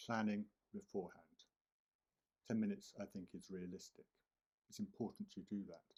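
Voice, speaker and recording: A man teaching IELTS essay writing, speaking deliberately and repeating key words for emphasis. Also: fairly low pitch, a little mellow, husky. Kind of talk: instructional talk to camera.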